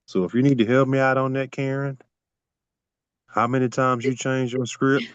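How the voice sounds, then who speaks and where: A man's voice: mid-range voice, level tone, normal speed, clear, resonant tone, dry recording. A man teaching a group on a video call, emphatic and repetitive, talking straight to his listeners. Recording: dull lo-fi video call audio.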